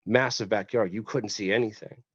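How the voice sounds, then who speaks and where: A man's voice: lowish voice, steady tone, brisk, slightly rough, dry recording. A man from West Tennessee, a podcast guest, telling a story in a rambling, joking way and swearing casually. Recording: dull lo-fi podcast audio.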